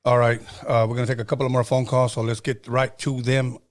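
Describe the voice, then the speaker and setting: A man hosting a call-in radio show, upbeat and moving briskly from caller to caller. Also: medium pitch, flat delivery.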